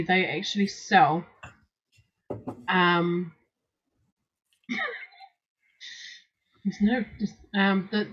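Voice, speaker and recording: A woman's voice: mid-range voice, slightly rough. A young woman with a New Zealand accent, co-hosting a live stream and rambling through a story with plenty of fillers. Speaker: co-host. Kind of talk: casual live-stream chat. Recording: dull, muffled audio.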